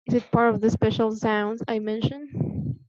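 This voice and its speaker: Slow, deliberate woman teaching pronunciation. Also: on the high side, steady tone, darkish tone, no echo. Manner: patient and deliberate, repeating key points. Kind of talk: classroom lesson explanation. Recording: dull lo-fi sound, dry.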